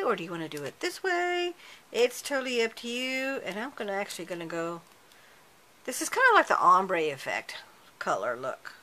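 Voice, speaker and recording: A woman's voice: medium pitch, pushed and bright, rough recording. A woman hosting a card-making tutorial, chatting casually and correcting herself as she works with her hands. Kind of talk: casual craft tutorial narration.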